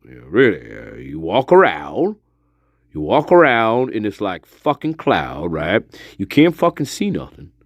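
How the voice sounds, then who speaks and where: A man voicing an old male spirit who teases the host in a low, drawling, profane way. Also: huge pitch swings, measured pace, no room sound, studio quality, heavily acted. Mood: mocking.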